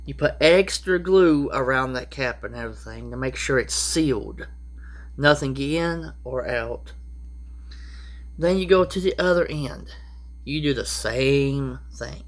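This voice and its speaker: A man's voice: medium pitch, fairly bright tone. A man giving rambling, casual how-to advice as a prepper vlogger, with frequent restarts and asides.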